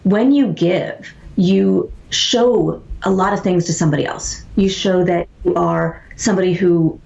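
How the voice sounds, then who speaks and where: A woman being interviewed as an author, telling stories in an animated way and acting out quoted voices. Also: fairly low pitch, measured pace, vocal fry. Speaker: author and guest. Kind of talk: conversational interview storytelling. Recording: echoey, dull lo-fi sound.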